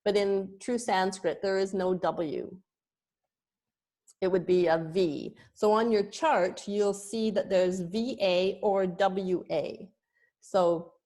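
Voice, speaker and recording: A woman's voice: lowish voice, darkish tone. A woman yoga teacher explaining Sanskrit pronunciation, sounding out letters one by one. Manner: explanatory, demonstrates sounds slowly.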